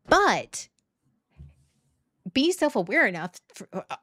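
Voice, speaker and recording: A woman's voice: sits high, very animated, unhurried, long pauses, a bit bright, no room sound. Woman in her thirties, blunt candid rant, swears a lot, dry close sound. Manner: blunt, emphatic, swears freely. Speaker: parent talking to camera.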